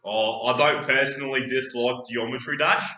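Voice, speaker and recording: A man's voice: mid-range voice, steady tone, moderate pace, pushed and bright, echoey room, highs cut off. A man co-hosting a comedic podcast, argumentative and rambling. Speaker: podcast co-host.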